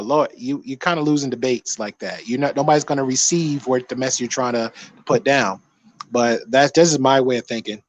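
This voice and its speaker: A man's voice: mid-range voice, a little fast, no room sound. A man on a video call, talking earnestly as a panel guest and defending his view in a casual chat.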